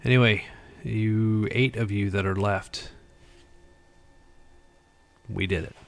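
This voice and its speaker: A man's voice: on the low side, steady tone, slow, gravelly. A tired man hosting a casual livestream chat, rambling with lots of fillers. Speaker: livestream host.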